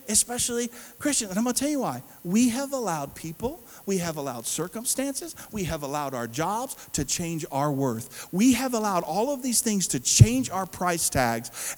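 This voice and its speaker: A man's voice: high-pitched, darkish tone, long reverb tail, rough recording. A man preaching a sermon, emphatic and calling out to the congregation. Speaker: pastor.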